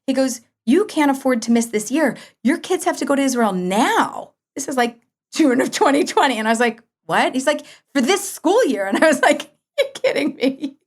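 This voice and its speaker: A woman in her forties, a podcast guest, telling a personal story in a lively way, acting out the dialogue and laughing often. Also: high-pitched, moderate pace.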